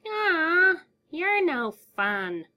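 A woman's voice: very high-pitched, big pitch swings, bright, forceful tone, pitched above the performer's own voice, heavily acted. Woman doing a sing-song maniacal killer clown. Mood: teasing. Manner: sing-song, drawn-out taunting.

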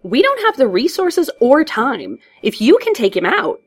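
A woman voicing a panicked young male police officer, urgent and shouting under fire. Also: mid-range voice, expressive, moderate pace, voice pushed up, natural voice.

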